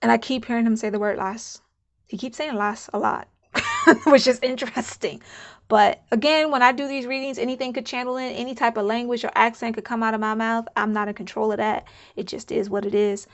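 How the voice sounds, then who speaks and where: A woman's voice: a little high, fairly even intonation, brisk. Chatty woman doing a spiritual reading. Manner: chatty, musing, repeats herself, laughs now and then. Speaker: spiritual card reader. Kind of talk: casual channeled reading monologue.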